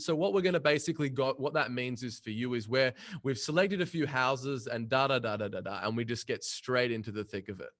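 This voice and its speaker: A man, a podcast guest telling punchy, energetic stories about his career in sales. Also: mid-range voice, a little fast, few pauses. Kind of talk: casual storytelling interview.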